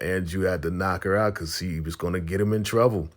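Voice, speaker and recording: A man casually recapping a TV episode, telling the story in an animated way and acting out the scenes as he goes. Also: sits low, brisk. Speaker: TV recap vlogger.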